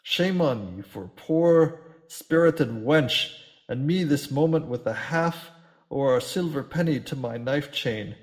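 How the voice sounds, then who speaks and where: A man plays a blustering, drunken old sea captain who roars his words in thick old sailor dialect. He is menacing and coarse, the kind of figure who shouts through a door in a storybook tale. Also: a little high, lively intonation, slow pace, pitched above the performer's own voice. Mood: scornful. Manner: loud gruff bellowing, old seafaring dialect.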